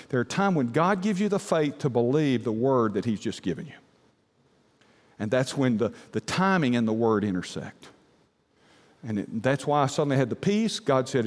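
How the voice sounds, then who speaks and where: A man's voice: mid-range voice, lively intonation, normal speed. Folksy preacher man in an echoing hall. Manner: folksy, with dramatic drops to a hush. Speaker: pastor. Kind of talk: sermon storytelling. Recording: long hall reverb.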